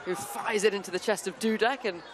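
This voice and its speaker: Woman doing play-by-play on a football match, quick and jokey, faint crowd. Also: mid-range voice, fairly even intonation, over music. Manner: brisk, jokey asides. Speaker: play-by-play commentator. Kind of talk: live football commentary.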